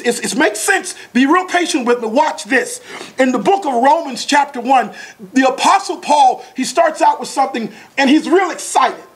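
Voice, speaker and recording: A man giving a motivational lecture as a sales trainer, talking fast with a passionate, preacher-like delivery. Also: extremely high pitch, a bit bright. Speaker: sales trainer speaking at an academy.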